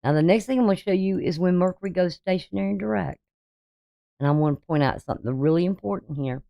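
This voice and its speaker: Emphatic low-voiced woman astrologer. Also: fast talker, creaky, dry recording, lo-fi sound. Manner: emphatic, preachy, full of rhetorical questions. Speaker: astrologer and tarot reader. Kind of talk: astrology forecast talk.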